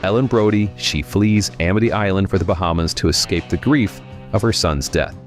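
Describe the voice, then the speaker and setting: A man with a low, deep voice hosts a comedic review of bad movie sequels. His delivery is wry and sarcastic, and faint music runs quietly behind him. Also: fairly quick. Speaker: host.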